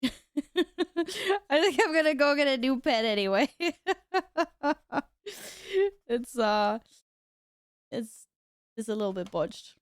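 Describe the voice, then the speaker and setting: A woman's voice: on the high side, slow, pauses often, clean tone, no room sound, clean studio sound. A woman streamer chatting casually with her viewers while gaming at home, laughing often and reacting aloud.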